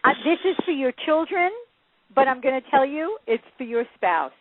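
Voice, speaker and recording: Higher-voiced woman giving advice, tinny phone-line sound, really dry. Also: moderate pace, no room sound. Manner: emphatic, animated teaching. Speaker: guest, parenting and beliefs coach. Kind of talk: podcast interview advice.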